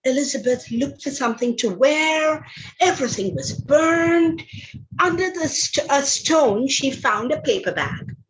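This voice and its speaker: Woman lecturer, unhurried, reads a story aloud with big dramatic voice changes; a bit high. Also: low-quality recording. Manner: dramatic, expressive read-aloud with big pitch leaps.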